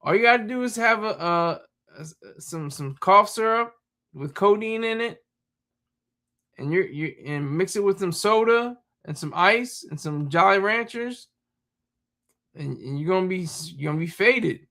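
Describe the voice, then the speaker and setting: Bright, high-voiced man chatting casually. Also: expressive, a little slow. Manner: rambling, laughs often, talks to chat. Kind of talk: casual live-stream chat.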